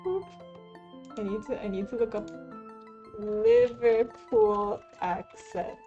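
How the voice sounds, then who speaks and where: A woman's voice: mid-range voice, very animated, a little fast, phone-quality sound, soft background music. A young woman streaming and chatting casually, rambling and laughing often as she plays. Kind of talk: casual live-stream chat while playing.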